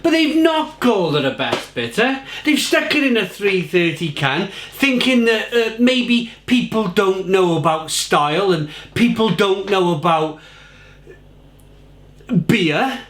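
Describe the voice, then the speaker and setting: Exasperated man ranting, slow and high. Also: very animated, fairly bright tone. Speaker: beer reviewer. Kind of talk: ranting beer review to camera. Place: home kitchen. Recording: roomy kitchen echo.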